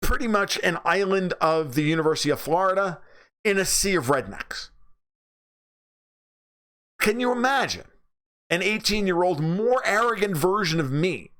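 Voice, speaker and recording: A man's voice: high-pitched, expressive, normal speed, long pauses, a bit bright. A man with a New York accent hosting a livestream, talking bluntly and profanely while reading viewer comments. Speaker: livestream host.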